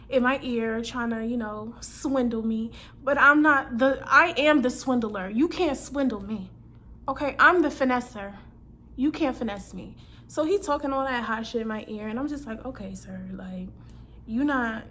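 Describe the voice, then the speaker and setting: A woman's voice: on the high side, a bit bright. A woman in her twenties telling a personal story in a casual storytime vlog, chatty and slangy, acting out her own lines and other people's. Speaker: vlogger.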